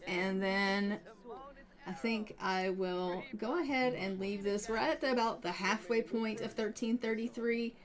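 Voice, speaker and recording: Chatty woman narrating a life-sim game. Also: medium pitch. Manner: chatty, voices the game characters' reactions. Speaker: gaming channel host. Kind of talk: casual let's-play commentary.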